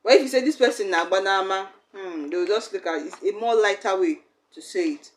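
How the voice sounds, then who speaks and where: A woman's voice: mid-range voice, quick pace. A young woman, teaching a language lesson in a chatty, explaining way. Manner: chatty, acts out little quoted exchanges.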